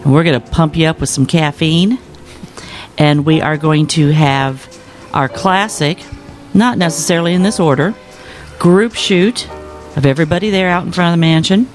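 A man's voice: a little high, moderate pace, faint music behind. A man hosting a podcast, upbeat as he announces weekend event plans in casual chat. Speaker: podcast host.

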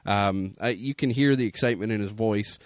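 A man's voice: fairly low pitch, a little fast, dry recording. A man co-hosting a motorsport radio show, giving rambling analysis full of "you know.". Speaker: radio co-host.

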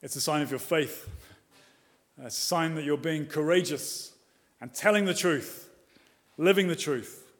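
Man, preacher, sermon, higher-pitched voice, emphatic then quiet, rhetorical questions. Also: unhurried, long pauses. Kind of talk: expository sermon.

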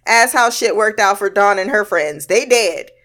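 A woman's voice: medium pitch, animated, moderate pace, fairly bright tone. A woman casually commenting on a film, swearing freely and laughing often. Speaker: reaction commentator.

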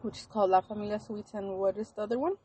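A woman's voice: mid-range voice, steady tone, rapid-fire, warm tone, slight background noise. A woman co-hosting a casual podcast chat, tossing in playful quips. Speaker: podcast co-host.

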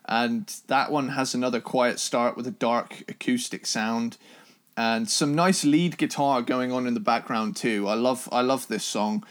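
Man co-host, easygoing album chat, excitable, loose and meandering delivery. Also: mid-range voice, unhurried. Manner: enthusiastic, rambling with restarts and swearing. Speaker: podcast co-host. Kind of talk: casual music review chat.

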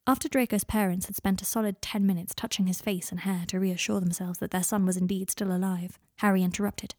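A woman reads a story aloud with an even, intimate manner. Her voice sits at a middle pitch and the recording is close and dry, with no room sound. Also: brisk, dry recording. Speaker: narrator. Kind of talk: audiobook fan fiction reading.

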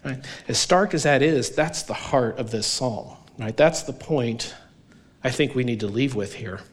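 A man preaching a sermon as pastor, earnest and emphatic, often checking in with his listeners with a quick question. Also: medium pitch. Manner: earnest, emphatic, keeps asking "right?".

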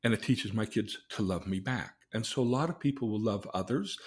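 An older man speaks in a fairly low voice, recounting a session with a client. He tells it earnestly, acting out the lines of the conversation as he goes. It sounds like a relaxed, conversational talk. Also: brisk, few pauses, husky. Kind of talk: storytelling in a conversation.

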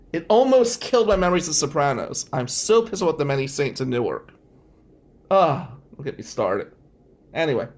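In a casual monologue, a middle-aged attorney and podcast host from Atlantic City, New Jersey, tells stories in a ranting, profane style and sounds drained. His voice runs on the high side, pushed and bright.

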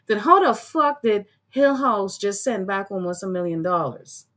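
A woman on a podcast panel giving heated political commentary, blunt and profane, telling a story and firing rhetorical questions. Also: a little high.

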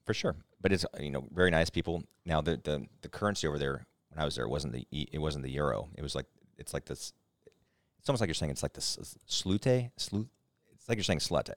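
A man's voice: extremely low pitch, fast, dry recording. A man co-hosting a podcast, telling travel stories and saying "like" often. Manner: rambling, many "like"s. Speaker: podcast co-host. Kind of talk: casual chat.

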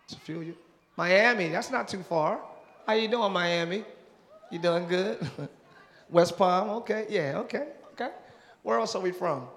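A male pastor's high, fairly bright voice moves at a moderate pace with frequent pauses as he playfully engages his congregation. Joking and greeting visitors in a large church auditorium, he speaks over live crowd noise in this sermon crowd work.

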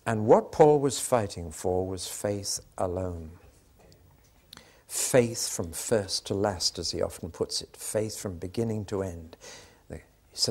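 A man's voice: on the low side, lively intonation, a little slow, dark tone. An older British man preaching a sermon, telling stories and acting out the voices in the exchanges he recounts. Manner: storytelling, acts out quoted exchanges.

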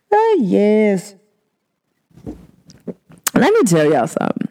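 Speaking in a lowish, expressive voice at a moderate pace, a woman hosts a podcast from Cincinnati, USA. She chats with her listeners in slang, laughs a lot, and plays out people's words.

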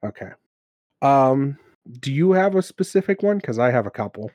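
A man telling stories from his tabletop games on a podcast. He is animated, laughs often and slips into character voices. His voice sits mid-range and the sound is dry and close. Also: mid-range voice, moderate pace, no room sound. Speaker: podcast co-host and game master. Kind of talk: casual chat about tabletop games.

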